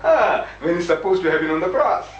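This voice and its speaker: A man's voice: high voice, sing-song, a little fast, highs cut off. A man in a heated debate, telling stories animatedly, exclaiming and acting out what people said. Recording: echoey room, distant mic, faint hiss.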